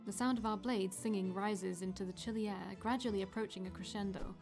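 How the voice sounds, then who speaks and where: A woman streamer reads a fantasy visual novel aloud in a steady first-person narration. Her voice sits at a middle pitch, and she drops in brief asides of her own. Faint game music plays underneath. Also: a little fast. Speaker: let's play streamer.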